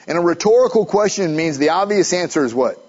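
A man's voice: sits high, lively intonation, quick pace, a little mellow, breathy edge, lo-fi sound. Man preaching a conversational sermon. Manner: conversational, asks the audience questions.

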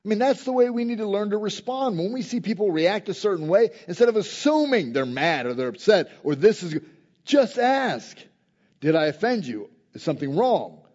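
Emphatic preacher with a mellow, fairly high voice. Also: male voice, sing-song, normal speed, highs cut off. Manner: swings between quiet reflective passages and loud emphatic rises; asks the listeners direct questions. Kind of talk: sermon.

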